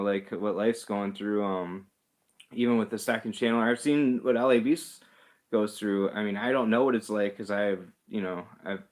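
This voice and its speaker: A man hosting a livestream, chatting casually and rambling with chuckles and self-deprecating asides. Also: on the low side. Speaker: livestream host. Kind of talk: casual chat reading live comments.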